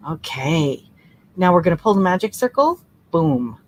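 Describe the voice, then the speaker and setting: A woman leading a relaxed crochet-along tutorial, chatting and laughing, counting stitches aloud softly. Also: fairly low pitch, moderate pace, slight background noise. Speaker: crochet teacher. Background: soft relaxing music.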